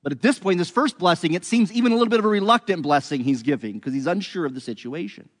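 A man teaching a bible passage, telling the story in an animated, conversational way. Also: sits high, quick pace, big-room sound.

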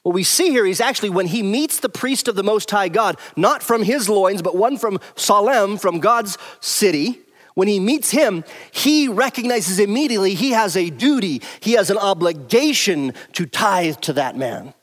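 Man preaching emphatically in a high voice. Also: expressive, normal speed, fairly bright tone. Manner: emphatic, repeats key points for stress. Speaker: Bible teacher. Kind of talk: verse-by-verse Bible teaching.

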